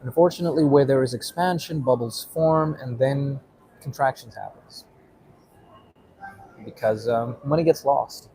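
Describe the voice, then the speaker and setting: A man's voice: medium pitch, measured pace, warm tone, rough recording. A man giving a casual explainer monologue, rambling with many fillers and tagging points with "right?". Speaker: vlogger.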